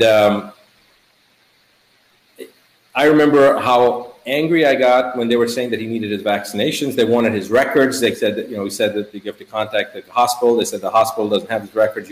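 Middle-aged male doctor guest, emphatic and animated, casual, roomy echo. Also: mid-range voice. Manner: animated, emphatic, repeats words in lists. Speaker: physician guest. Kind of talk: casual chat.

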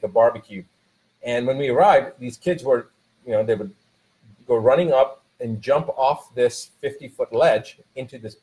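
A man in a casual motivational talk, telling a family story in a loose, rambling way full of restarts. His voice sits at an ordinary pitch, and he presses harder as he turns to advice for the listener. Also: a little mellow, rough recording. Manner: rambling storytelling with many restarts, rising to emphatic coaching.

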